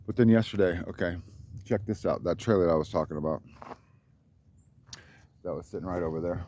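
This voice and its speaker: A man's voice: low-pitched, fairly quick, dark tone, a little hiss or hum. Rambling, profane man telling a story. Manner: rambling, profane and boastful, voice jumps up when quoting others. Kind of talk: rambling monologue.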